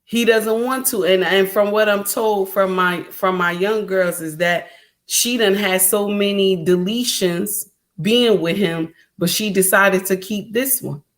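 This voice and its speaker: A middle-aged woman hosts a livestream and lectures her viewers in a preachy, emphatic way. She circles back to the same points over and over and speaks to her audience directly. Her pitch sits in an ordinary middle range. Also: unhurried. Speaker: livestream host.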